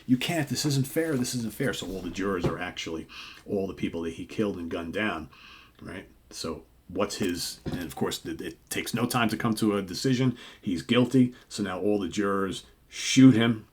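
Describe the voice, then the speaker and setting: A man's voice: sits low, normal speed, a little hiss or hum. An older man co-hosting a comic book show, casually retelling the stories and acting out the characters' lines with lots of fillers. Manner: animated storyteller, acts out dialogue with filler words.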